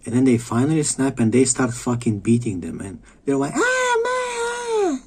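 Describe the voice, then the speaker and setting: A man's voice: mid-range voice, brisk, background noise. A man from Bulgaria, ranting in a rambling monologue, swearing often and repeating himself. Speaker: vlogger. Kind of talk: profane monologue rant.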